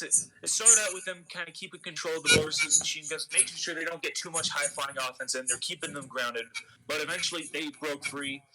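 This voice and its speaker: Man recapping a wrestling game with excitement. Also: a little high, rough recording. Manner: animated storyteller, chuckling, excited play-by-play recaps. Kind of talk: casual chat recapping a wrestling sim game.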